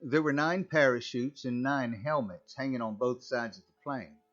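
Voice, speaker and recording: A man narrates a first-person horror story in a conversational, wry way, at an ordinary pitch for a man. The recording is a little dull and muffled. Faint background music runs under his voice. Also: moderate pace, a bit bright.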